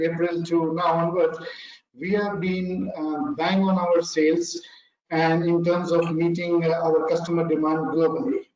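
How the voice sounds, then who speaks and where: A man with an Indian English accent speaking on a panel over a video call, halting with many fillers and restarts. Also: on the high side, a little mellow. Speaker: pharma supply chain panelist. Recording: echoey muffled video call audio.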